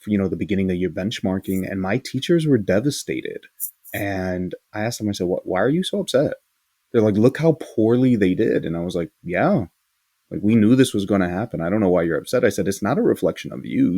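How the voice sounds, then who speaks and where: A man hosting an interview talks in a low, mellow voice, recorded dry and close. He is earnest and thoughtful, and often restarts a phrase as he works through his ideas. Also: no echo. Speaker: interview host, school leader. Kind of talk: casual interview talk.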